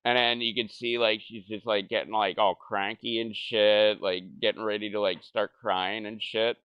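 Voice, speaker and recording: A man's voice: fairly low pitch, level tone, normal speed, clear, resonant tone, no echo, muffled recording. A young man casually telling a rambling, profane story over gameplay, laughing and mimicking the people he quotes.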